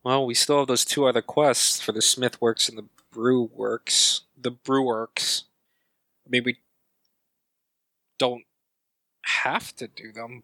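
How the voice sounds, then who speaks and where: A man's voice: mid-range voice, level tone, takes it slowly, pauses often, sharp tone, no room sound. A man playing a tabletop game, dry and matter-of-fact.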